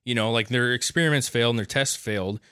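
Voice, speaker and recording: A man's voice: mid-range voice, quick pace, pushed and bright, clean tone, dry recording, clean studio sound. A man in casual podcast chat, blunt and emphatic, swearing freely.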